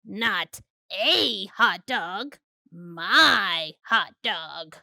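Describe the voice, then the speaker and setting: A woman's voice: high-pitched, very animated, slow pace, bright, forceful tone, no echo, clean studio sound, heavily acted. A woman voicing a possessive, easily exasperated male pigeon in a storybook read-aloud. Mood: grumpy. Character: greedy, fussy male pigeon.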